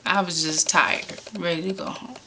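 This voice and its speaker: A woman casually telling a personal story from Chicago, animated and rising sharply in pitch when exasperated. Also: normal speed, slight background noise.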